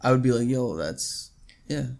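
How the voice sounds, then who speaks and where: A man's voice: mid-range voice, animated, normal speed, creaky, darkish tone. A Canadian man co-hosting a casual podcast, laid-back and prone to casual swearing. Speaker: podcast co-host. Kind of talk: casual chat.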